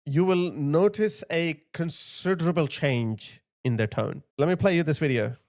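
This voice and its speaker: A man's voice: fairly high pitch, moderate pace, a little mellow. Blunt, ranting male commentator. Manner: blunt, emphatic ranting with asides and chuckles. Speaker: political commentator. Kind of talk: opinionated monologue to camera.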